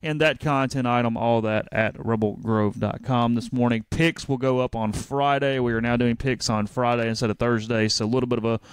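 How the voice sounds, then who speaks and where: A man co-hosting a casual sports podcast, briskly running through site content and chatting with his partner. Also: medium pitch, steady tone, clear, resonant tone, no echo. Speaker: podcast co-host.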